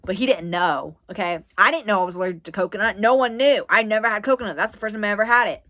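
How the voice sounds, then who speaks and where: A woman's voice: medium pitch, quick pace, bright, forceful tone. Chatty young woman telling a story. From US East Coast. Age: 20s. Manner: chatty, rambling with frequent "like". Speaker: vlogger. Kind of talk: casual story time.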